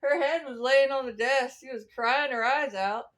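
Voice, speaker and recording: A woman's voice: high-pitched, normal speed, a bit bright. A woman giving a meandering religious testimony, preachy and chuckling between thoughts. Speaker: self-styled prophet.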